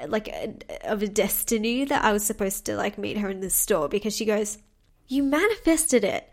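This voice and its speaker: A woman's voice: medium pitch, a little fast, gravelly. A young woman hosting a solo podcast, telling a story in a bubbly, chatty way with frequent laughs and talking straight to her listeners. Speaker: podcast host and manifestation coach.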